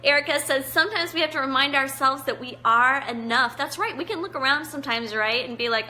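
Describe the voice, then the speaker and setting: A woman's voice: high voice, brisk, few pauses. A middle-aged woman hosting a live devotional chat, reading out viewer comments in an encouraging, chatty way. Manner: warm encouraging, chatty, greets viewers by name. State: teary-eyed. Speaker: online show host.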